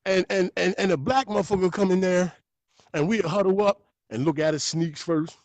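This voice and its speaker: Appearing as a podcast guest, a man with a somewhat high voice tells his stories at a moderate pace in an animated, profane, street-talk style. The recording is close and dry, with no echo or room sound.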